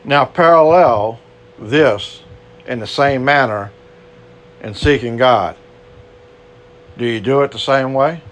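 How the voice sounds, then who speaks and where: A man's voice: medium pitch, slow pace, pauses often. A man with a Cajun accent preaching a conversational sermon, full of asides and rhetorical questions. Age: older. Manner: conversational, frequent "you know", rhetorical questions.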